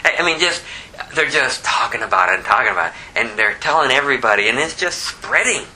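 Animated preacher man with a sharp, bright voice. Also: medium pitch, fast talker, low-quality recording. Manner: animated, swings from hushed to loud emphatic bursts; reads scripture aloud in King James wording. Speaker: pastor. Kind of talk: expository Bible sermon.

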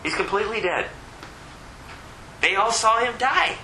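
A man delivering a sermon in a high, sharply bright voice. He is emphatic and keeps circling back to rhetorical questions to hammer his points home. There is a faint hum of noise behind him. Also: animated, measured pace, roomy sound, poor audio. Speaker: preacher.

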